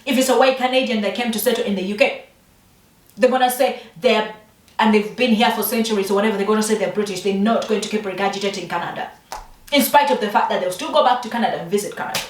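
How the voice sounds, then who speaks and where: A woman's voice: medium pitch, fast talker. Emphatic Ugandan-born woman, echoey room. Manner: emphatic, swears a lot, rhetorical questions. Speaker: vlogger. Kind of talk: passionate opinion monologue. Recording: echoey room, distant mic.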